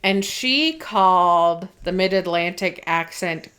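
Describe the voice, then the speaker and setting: A woman's voice: fairly low pitch, animated, slow, a bit bright. A woman co-hosting a podcast, explaining a topic in casual chat with lots of ums and frequent laughter. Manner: chatty, laughs often, explains with many ums. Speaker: podcast co-host.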